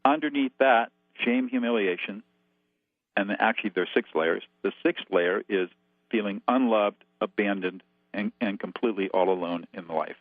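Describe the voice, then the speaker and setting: Brief: man guest expert, low-pitched voice, methodical step-by-step teacher, heard on a tinny phone line. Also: normal speed, no echo. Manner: methodical, lays out numbered steps. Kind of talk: instructive phone-in explanation. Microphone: telephone.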